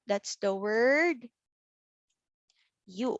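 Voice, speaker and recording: A preschool teacher, a woman with a high voice, talks children through their worksheets at an unhurried pace. She spells words out letter by letter with patient, careful pronunciation. The recording is dry and close, with no room sound. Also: expressive, fairly bright tone, no room sound, highs cut off. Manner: slow, clear, sounding out letters for small children. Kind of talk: recorded class lesson.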